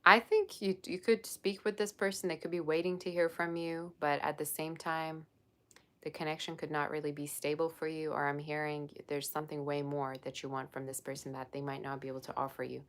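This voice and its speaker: A tarot reader hosting a relaxed livestream unboxes gifts and effuses to her audience, getting emotional as she goes. She has a low, level voice and speaks a little fast, picked up only by a built-in device mic.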